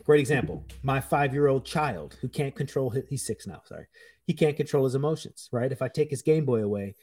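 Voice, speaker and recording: Male chef in his 30s, blunt and profane, mellow dark tone. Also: medium pitch, a little fast, slightly rough. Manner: blunt, profane, animated storytelling. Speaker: chef, podcast guest. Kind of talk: casual chat.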